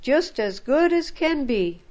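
A woman's voice: high voice, sing-song, takes it slowly, darkish tone, voice pushed up, heavily acted. A woman voicing a frightened, poor old village woman who pleads for help. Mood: eager. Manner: pleading, plaintive.

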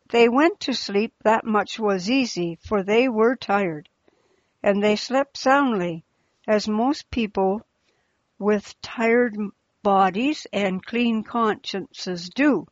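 Slow, deliberate woman storyteller. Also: medium pitch, dry recording, dull audio. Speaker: narrator. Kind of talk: storybook reading.

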